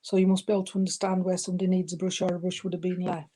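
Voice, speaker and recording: A woman's voice: fairly low pitch, little pitch movement, rapid-fire. A woman medium passing on spirit messages at a service, calling people love and sweetheart. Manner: warm terms of endearment, giving messages. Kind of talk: spiritualist demonstration.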